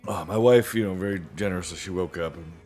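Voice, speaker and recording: Worn out from a night without sleep, a livestream host who reads books aloud talks fast in a deep, slightly mellow voice. He chats with his live viewers from home, family close by, rambling and repeating himself over faint background music.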